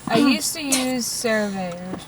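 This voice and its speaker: A woman's voice: fairly high pitch, normal speed, distant mic, very noisy. A young woman co-hosting a podcast in a car, talking casually with fillers and a bit of swearing. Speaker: podcast co-host. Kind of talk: casual chat. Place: inside a car.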